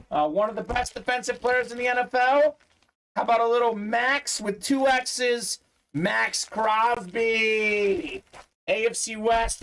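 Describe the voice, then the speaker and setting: A man's voice: extremely high pitch, a bit bright. A man hosting a live sports memorabilia break, chatting upbeat with viewers, reading their comments aloud and peppering his talk with "uh".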